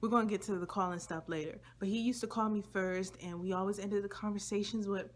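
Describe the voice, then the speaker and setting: A woman's voice: medium pitch, fairly even intonation, quick pace. A young woman vlogger telling a personal story to her viewers in a casual, slangy, chatty way.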